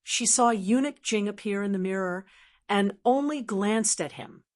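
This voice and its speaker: A woman's voice: mid-range voice, unhurried. Woman narrating a martial arts audiobook. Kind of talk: scripted narration.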